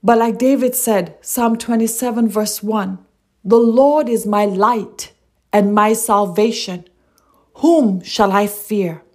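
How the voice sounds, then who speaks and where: A woman's voice: a little high, a little mellow. A woman giving a devotional sermon, earnest, reading scripture aloud and asking rhetorical questions. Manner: earnest, repeats lines, asks rhetorical questions. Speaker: preacher.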